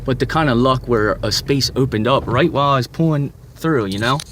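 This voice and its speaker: A man's voice: medium pitch, a little fast. A man, a truck driver, chatting casually as he vlogs from the cab while driving, rambling and correcting himself as he goes. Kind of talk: casual driving vlog commentary. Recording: loud road and engine noise. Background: vehicle engine noise.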